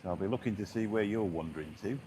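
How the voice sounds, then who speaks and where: A middle-aged man with a deep, low, mellow voice talks quickly to his live-stream viewers while walking on a beach. His chat is rambling, full of restarts and ums. A faint hiss sits under the outdoor phone recording.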